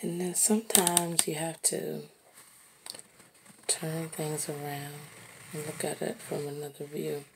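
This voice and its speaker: A woman musing aloud while she draws, slow and reflective, sometimes dropping to a soft whisper. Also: deep voice, level tone, noisy background. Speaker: artist narrating while drawing. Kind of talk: reflective casual monologue.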